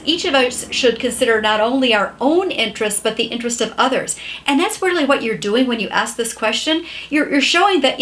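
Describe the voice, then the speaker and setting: Middle-aged woman, high bright voice, very expressive, chatty advice-giver. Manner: chatty and animated, acting out quoted lines. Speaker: marriage advice speaker. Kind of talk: casual advice talk to camera.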